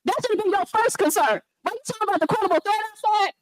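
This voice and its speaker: A woman's voice: very high voice, fast, poor audio. A woman resident making a fiery, accusatory public comment at a meeting, speaking close on the microphone while ill and anxious. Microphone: meeting hall microphone held close.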